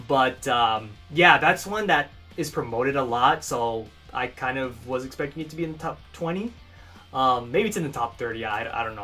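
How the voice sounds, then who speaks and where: A young man in casual, rambling fan commentary, gushing with frequent animated outbursts. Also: medium pitch. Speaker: fan channel co-host.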